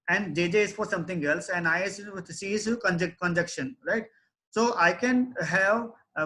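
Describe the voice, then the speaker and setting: Man, webinar lecturer, high voice, bright tone, explains step by step. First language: not English. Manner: explanatory, frequent tag questions. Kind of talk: online technical lecture.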